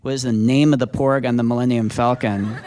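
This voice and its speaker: A man's voice: medium pitch, fairly even intonation, brisk, a little mellow. A man answering audience questions playfully, teasing and upbeat. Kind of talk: playful Q&A banter. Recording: noisy livestream clip.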